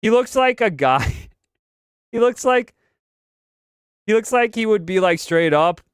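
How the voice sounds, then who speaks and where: A young man talks loosely through his live stream, looping back on his own phrases and throwing in slang. His voice is smooth and clean, set close to a dry mic with no room sound around it. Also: sits high, expressive, takes it slowly, no room sound. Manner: rambling, repeats phrases, slangy. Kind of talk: casual pop-culture commentary.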